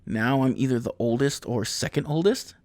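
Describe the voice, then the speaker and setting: A man's voice: medium pitch, normal speed, a little mellow, no room sound. A man in his thirties, a podcast host rambling through a profane comedic monologue and laughing at his own jokes. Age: 30s.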